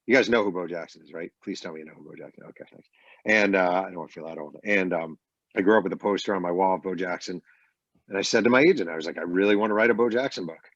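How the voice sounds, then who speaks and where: Deep-voiced man telling lively stories. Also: rapid-fire, dry recording. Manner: animated anecdotes with acted quotes. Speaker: author guest. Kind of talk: casual storytelling interview. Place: video call from a bedroom. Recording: dull lo-fi call audio.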